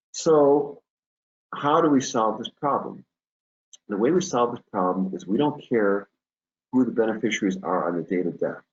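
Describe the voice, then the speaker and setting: A man's voice: fairly low pitch, darkish tone. A man giving a continuing-education lecture on estate planning, explaining step by step and telling jokes to make his points. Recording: dull lo-fi recording.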